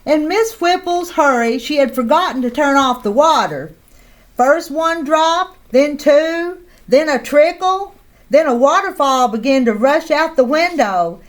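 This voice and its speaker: Storyteller, woman, high voice, slow and expressive read-aloud for kids. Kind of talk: reading a picture book aloud.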